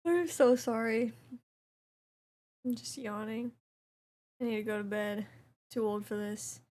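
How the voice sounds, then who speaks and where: A young woman streamer chatting casually with her chat while she plays, reading messages aloud in a relaxed way. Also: on the high side, measured pace.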